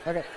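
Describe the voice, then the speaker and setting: A middle-aged man with a Texan accent, teaching a session in a conversational, joking manner and often checking in with the listeners. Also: background noise. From Texas. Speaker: ministry teacher.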